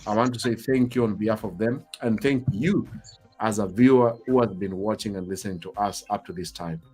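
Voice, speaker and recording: A man's voice: lowish voice, fairly quick, a little mellow, husky. A man hosting a live talk show, speaking emphatically, repeating himself and teasing his viewers. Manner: emphatic, repetitive, playfully teasing.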